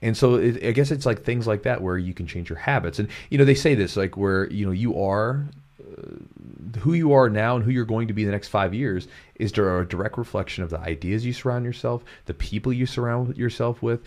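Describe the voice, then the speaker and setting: His voice is fairly low, fairly quick and darkish in tone as he hosts a laid-back podcast. Originally from Kentucky, the jiu-jitsu coach has trained his twang into a neutral American accent, and his earnest, motivational talk circles back on itself often.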